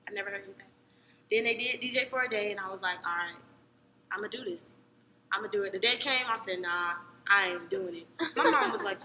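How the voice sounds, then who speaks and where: A young woman from Cleveland telling a story in casual podcast chat, animated, jumping between loud excited bursts and low murmurs. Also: brisk. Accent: American, Cleveland. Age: young adult. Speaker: podcast co-host. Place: podcast studio. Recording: echoey room with long reverb, faint noise.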